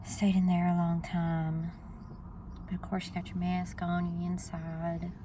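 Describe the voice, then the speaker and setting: A woman's voice: fairly low pitch, completely flat delivery, unhurried, mellow, a little hiss or hum. A woman, chatting casually to her viewers in a vlog. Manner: chatty, talks straight to viewers. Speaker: vlogger.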